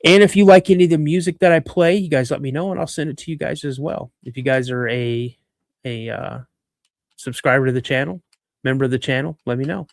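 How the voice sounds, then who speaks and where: A man hosting a podcast, telling a story in an animated way with frequent restarts and asides. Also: mid-range voice, fairly quick, creaky, no echo, clean studio sound. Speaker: podcast host.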